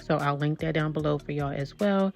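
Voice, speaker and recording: Woman, 30s, low gravelly voice, slightly winded, chatty tutorial host, faint music under. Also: fairly quick, a little mellow, dull audio. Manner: chatty, addresses viewers as y'all. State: slightly out of breath. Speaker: nail art vlogger. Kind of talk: casual tutorial chat.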